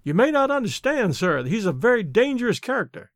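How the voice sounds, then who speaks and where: A man doing a shrill, blustering English detective. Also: very animated, fast, no echo, studio quality. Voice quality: high-pitched, blustering. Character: indignant English detective, thick-set man.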